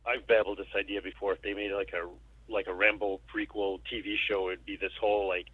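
A man's voice: fairly low pitch, level tone, a little fast, breathy edge, no room sound. A man chatting casually as a podcast guest, rambling loosely and slipping into goofy impressions. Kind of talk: casual chat. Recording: tinny phone-like sound.

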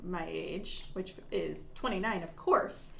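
A woman co-hosting a podcast in casual chat, upbeat and quick to laugh. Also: on the low side, creaky, bright, forceful tone. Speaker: podcast co-host. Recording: roomy echo.

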